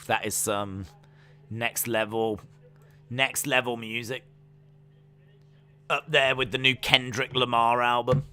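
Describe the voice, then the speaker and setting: A man's voice: medium pitch, measured pace, bright, forceful tone, clear, resonant tone, soft background music. A man hosting a live stream, chatting casually and calling the action play by play with plenty of fillers. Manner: chatty, rambling, trails off with fillers.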